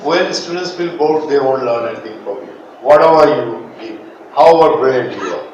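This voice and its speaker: A Bangladeshi man whose first language is Bengali, teaching English pronunciation in a classroom, modelling words with lively jokes and laughter. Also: mid-range voice, moderate pace, dull audio. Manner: animated, joking, laughs often, models words for students. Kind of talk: classroom lecture with repeat-after-me drills. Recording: echoey classroom, distant mic, background noise.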